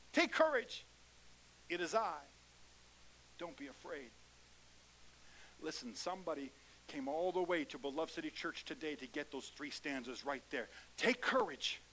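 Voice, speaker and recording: A man preaching in a church with a high, bright, ringing voice. He swings between hushed asides and loud, fervent calls to the congregation. A faint hiss sits under the recording. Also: low-quality recording. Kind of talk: sermon.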